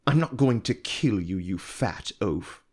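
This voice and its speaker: A man reading aloud and voicing a cold, calculating noblewoman who speaks slowly and quietly with open disdain. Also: lowish voice, expressive. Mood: scornful. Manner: slow, hushed, icy and disdainful.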